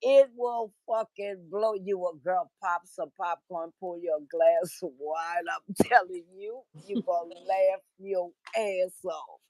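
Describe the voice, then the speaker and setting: A woman's voice: lowish voice, takes it slowly, few pauses, a little mellow, no echo, low-quality recording. A woman guest on a livestream, telling stories in a gossipy way with frequent laughter. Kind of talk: casual chat.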